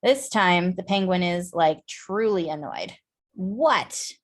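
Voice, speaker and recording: A woman's voice: fairly low pitch, a little slow. A woman reading a comic monologue aloud in a wry, conversational storytelling manner. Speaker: play reader.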